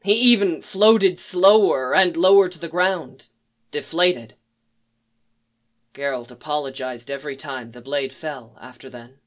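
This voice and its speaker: A reader narrating a dark fan fiction story in a measured, solemn way. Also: mid-range voice.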